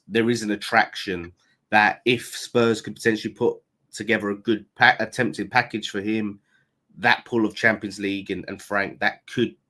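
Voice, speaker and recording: A man co-hosting a football podcast, making his point in a measured, hedging way with repeated phrases. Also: on the low side, fairly bright tone. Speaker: podcast co-host. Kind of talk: casual football podcast debate.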